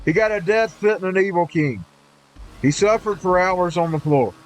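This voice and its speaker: A man's voice: high voice, normal speed. A man ranting indignantly while streaming a game, rambling and restarting his sentences. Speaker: live streamer.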